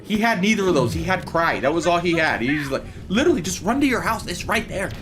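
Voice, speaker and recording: A man's voice: high-pitched, very animated, fast talker, fairly bright tone, a little hiss or hum. A man streaming a game live, telling a story in casual, profane chat and laughing as he goes.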